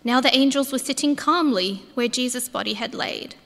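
A woman's voice: sits high, moderate pace, a bit bright. A woman acting as Mary Magdalene, reading a heartfelt first-person account in a church. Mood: awed, tearful. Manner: earnest, heartfelt storytelling. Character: Mary Magdalene, grieving then overjoyed woman disciple. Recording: echoey church hall.

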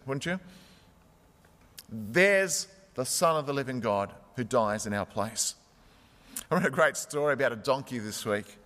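A man's voice: mid-range voice, fairly bright tone, big-room sound. A male pastor delivering an earnest, storytelling sermon to his congregation.

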